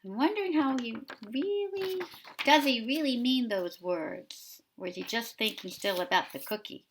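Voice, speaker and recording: A woman preschool teacher discussing a picture book with young children, asking them gentle questions. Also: on the high side, expressive, moderate pace, background noise.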